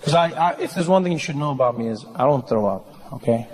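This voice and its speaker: A man performing a stand-up routine on stage, telling a story with animated delivery and playful impressions. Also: mid-range voice, fast talker, noisy background. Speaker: stand-up comedian. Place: comedy stage before a live audience. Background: audience laughter.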